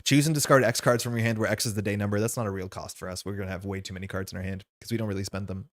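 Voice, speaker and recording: A man's voice: fairly low pitch, steady tone, rapid-fire. A man playing a card game on stream, thinking aloud as he explains the rules and his choices in a casual way.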